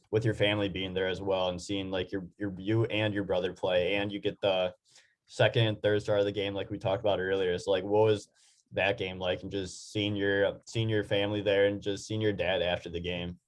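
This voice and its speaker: A man's voice: sits low, flat delivery, moderate pace. A man hosting a sports podcast, asking questions in a casual interview and adding brief encouraging interjections. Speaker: podcast host.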